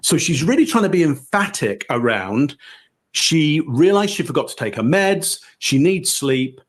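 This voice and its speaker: A man on a panel breaking down body language, explaining step by step in a measured, emphatic way. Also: fairly high pitch, very animated. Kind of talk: analytical commentary.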